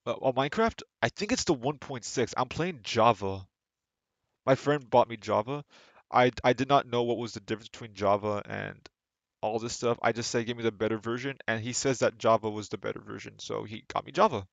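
Gravelly-voiced man rambling on a stream. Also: mid-range voice, fairly quick, no echo, dull audio. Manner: rambling, stumbling with repeated words. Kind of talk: casual live gameplay chat.

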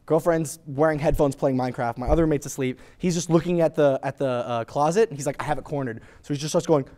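A podcast co-host tells a story in casual chat, animated and acting out the voices of the people in it. He speaks quickly with a fairly high pitch.

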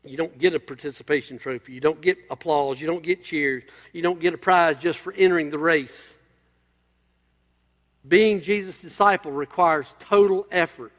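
A man's voice: on the high side, moderate pace, fairly bright tone, long reverb tail. A male pastor preaching a sermon, emphatic and building through repeated phrases.

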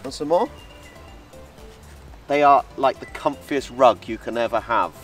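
An excitable man narrating his travel vlog outdoors, his voice set at an ordinary middle pitch. He chats and gushes in a loose, casual way, with faint music behind him. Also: a little slow. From England. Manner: excitable, chatty, gushing. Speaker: travel vlogger. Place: outdoor wildlife park.

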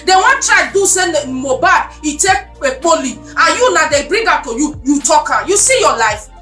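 Nigerian woman host, high bright voice, indignant and scolding, echoey room. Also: animated, moderate pace, soft background music. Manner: indignant, scolding, mixing Pidgin and English. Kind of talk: heated commentary on a talk show.

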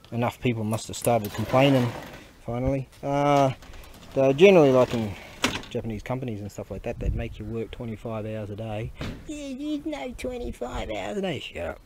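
A man at a middle pitch rambles casually to the camera while tinkering with tools. He swears freely, makes jokes and drops into half-mumbled asides. A faint hum of ambient noise sits behind his voice. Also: warm tone. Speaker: vlogger selling Japanese goods.

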